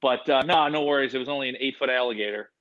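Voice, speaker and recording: A man telling a rambling, animated story in a casual interview, acting out the voices of people in it. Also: medium pitch, fast, muffled recording. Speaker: animal entertainer guest.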